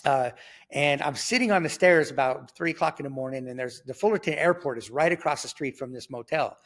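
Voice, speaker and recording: A man's voice: medium pitch, brisk, a bit bright. A middle-aged man telling his life story as a testimony, acting out dialogue with many fillers and restarts.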